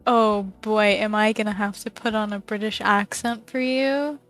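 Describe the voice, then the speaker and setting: A woman's voice: medium pitch, steady tone, normal speed, fairly bright tone, soft background music. A woman streamer playing a video game, reading its text aloud and chatting casually, often giggling. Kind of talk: casual let's-play commentary.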